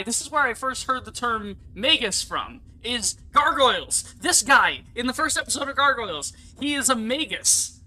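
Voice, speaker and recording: Excitable young American gamer, bright piercing tone, rambling casual commentary. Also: male voice, very high-pitched, moderate pace, few pauses, low-quality recording. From United States. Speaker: let's play YouTuber.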